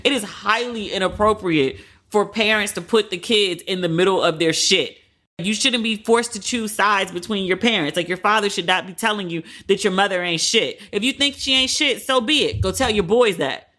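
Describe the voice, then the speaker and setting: A woman in her thirties hosts a pop-culture podcast. Her voice is bright and forward at an ordinary middle pitch. She talks candidly and profanely, fills her sentences with "like", and often retells what others said in quick quoted asides. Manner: candid and profane, heavy use of "like". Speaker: podcast host. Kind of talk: casual pop-culture commentary.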